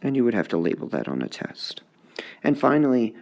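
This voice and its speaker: A male high school English teacher giving a recorded lesson on poetic meter, repeating words to sound out their stresses. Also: very animated, moderate pace, vocal fry, a little mellow. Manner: sounds out syllables to mark the stresses.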